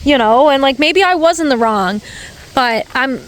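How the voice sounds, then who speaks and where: A woman's voice: sits high, lively intonation, normal speed, poor audio. Chatty woman vlogging from her car. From Newfoundland. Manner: chatty, lots of fillers, self-correcting. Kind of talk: casual storytelling rant. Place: parked car by a dirt logging road, outdoors.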